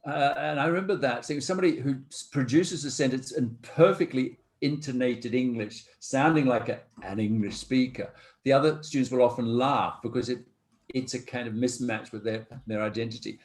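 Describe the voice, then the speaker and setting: A man's voice: mid-range voice, brisk. A man from New Zealand leading an online seminar over a video call, talking in a thoughtful, wry way with restarts. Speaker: course leader.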